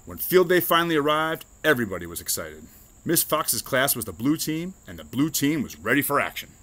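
A man reading a children's picture book aloud, warm storytelling cadence. His pitch moves a lot, animated and expressive, at a mid-range pitch. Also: a little fast. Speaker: reader.

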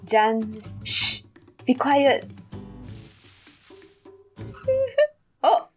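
A woman's voice: high voice, big pitch swings, extremely slow, soft background music. A woman casually commentating a game she plays, giggling often and musing aloud as she reacts. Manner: puzzled, musing asides. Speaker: let's play commentator.

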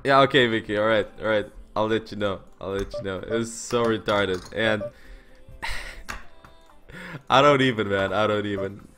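A man's voice: on the low side, unhurried, pauses often, music in the background. A young man in his twenties streaming poker, telling a story casually with lots of fillers and swearing. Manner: excitable storyteller, laughing. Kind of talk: casual live-stream chat while playing poker.

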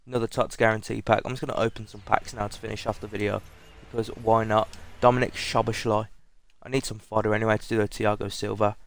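Young British man, gaming commentary, excitable and sweary, smooth clear voice, dry sound. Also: lowish voice, dry recording. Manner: excitable, swears a lot, repeats himself. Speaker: gaming YouTuber. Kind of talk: excited pack-opening commentary.

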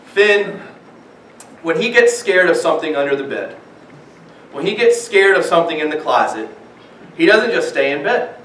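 A pastor, young adult or middle-aged and father of young children, preaches with lively energy in a church sanctuary, imitating the people in his stories. His voice is on the high side, sing-song and fairly bright, at a moderate pace with frequent pauses; the far-off, echoey recording carries a little hiss or hum.

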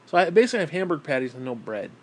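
A man's voice: on the high side, sing-song, rapid-fire. A man rambling casually on camera, swearing often and switching into baby talk with his pet. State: broke and frustrated. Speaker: vlogger.

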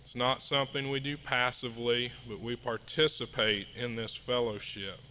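A man giving a sermon at a house church, reading scripture and hymn lyrics in a measured way. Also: medium pitch, level tone, bright, forceful tone, slight background noise. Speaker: lay preacher. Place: house church meeting room.

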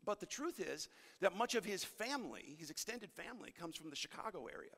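Gravelly-voiced pastor in a big hall. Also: male voice, high-pitched, animated, a little fast, sharp tone. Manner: candid, conversational, frequent fillers. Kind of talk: sermon. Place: church hall. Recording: long hall reverb.

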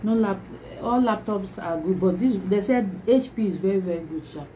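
A woman's voice: mid-range voice, normal speed, mellow, slight background noise, low-quality recording. A woman vlogger unboxing a new laptop, gushing and repeating her exclamations again and again, laughing between lines. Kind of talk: excited unboxing vlog.

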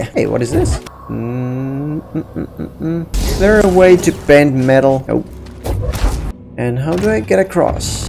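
A man's voice: mid-range voice, darkish tone. A man chatting playfully while playing a video game, with lots of exclamations and laughs. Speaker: gaming streamer. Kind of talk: let's play commentary. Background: game music.

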